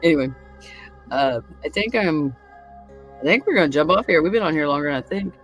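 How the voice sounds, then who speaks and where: Show host, woman with a gravelly, low-pitched voice, crude and laughing, acting out lines, faint music underneath. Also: lively intonation, brisk, low-quality recording. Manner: crude, laughing storyteller who acts out other people's lines. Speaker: podcast host. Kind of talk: casual chat.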